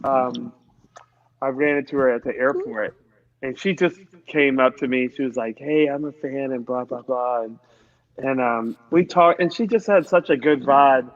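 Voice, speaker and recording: Male guest, mid-pitched, relaxed rambling storyteller, earbud mic, dull lo-fi audio. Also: moderate pace. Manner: relaxed, rambling, many fillers. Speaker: musician guest. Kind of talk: casual storytelling chat.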